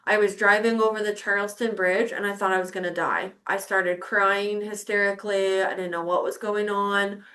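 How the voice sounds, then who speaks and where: A woman's voice: mid-range voice, little pitch movement, normal speed, hardly any pauses, bright, forceful tone. A middle-aged woman hosting a podcast, telling a personal story in casual chat, candid and swearing freely as she acts out her own past reactions. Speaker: podcast host.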